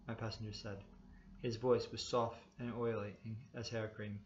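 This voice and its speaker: A man narrating a first-person story in a steady, plain manner. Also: lowish voice, moderate pace. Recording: slightly dull lo-fi recording.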